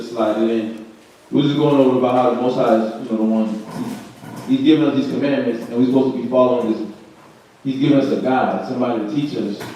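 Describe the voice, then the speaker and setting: Male study leader, loose rhetorical teaching, mellow, distant roomy muffled recording. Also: medium pitch, a little hiss or hum. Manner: conversational, repeats himself, asks rhetorical questions. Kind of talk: informal scripture teaching. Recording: echoey room, far from mic, muffled.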